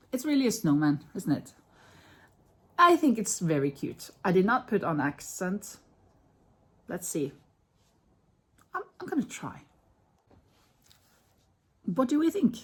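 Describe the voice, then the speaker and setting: A woman's voice: mid-range voice, very animated, measured pace, long pauses, breathy edge. A woman in her fifties, a Norwegian native speaker, chatting casually in a crafting vlog while she works and corrects herself as she goes. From Norway. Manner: chatty, thinks aloud, self-correcting. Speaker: crochet vlogger.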